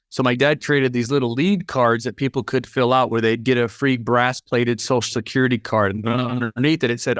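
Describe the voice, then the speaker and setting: A man of middle pitch telling a personal story as a podcast guest. He is animated and acts out each line of dialogue. The sound is dry and close to the mic. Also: a little fast, few pauses, no echo.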